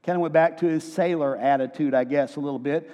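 A man preaching a sermon in a church hall, lively, asking his listeners questions and acting out quotes. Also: on the high side, fast talker. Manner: lively, asks the room questions and acts out quotes. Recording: long hall reverb.

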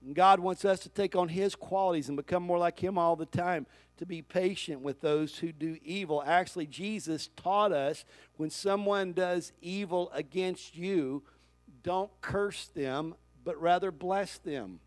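High-voiced preaching pastor, man. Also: unhurried, no echo. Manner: preaching to a congregation, calling for responses. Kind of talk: sermon.

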